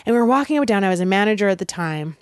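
A young woman telling a story in casual chat, animated and laughing, full of "like". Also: mid-range voice, very fast, no echo, clean studio sound. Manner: animated, laughing, lots of "like" fillers.

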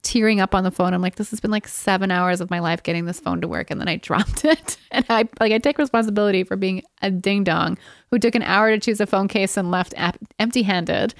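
A woman's voice: medium pitch, a little fast, no echo, studio quality. A woman co-hosting a podcast, telling a rambling story in casual chat and laughing often along the way. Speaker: podcast co-host.

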